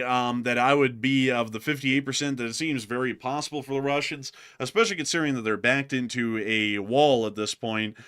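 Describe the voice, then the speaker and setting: A man hosting a casual war news commentary show, talking through headlines with a co-host. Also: medium pitch. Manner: animated, jokes and laughs with co-host.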